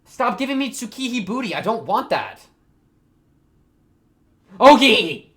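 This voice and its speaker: A man hosting an anime reaction video, talking back to the screen and swinging from quiet muttering to excited outbursts. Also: very high-pitched, a little fast. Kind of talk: casual anime reaction commentary.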